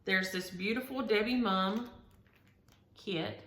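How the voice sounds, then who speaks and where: A woman's voice: lowish voice, moderate pace, vocal fry, a bit bright. A woman hosting a chatty show-and-tell video, gushing over each item and talking straight to her viewers. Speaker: host. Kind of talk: casual show-and-tell chat. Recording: roomy echo.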